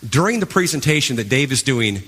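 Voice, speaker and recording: Man, bright forceful voice, animated storyteller, live talk on stage, long hall reverb. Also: mid-range voice, a little fast, slightly rough. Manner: animated storytelling, acts out his past reactions. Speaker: motivational speaker. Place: large event hall.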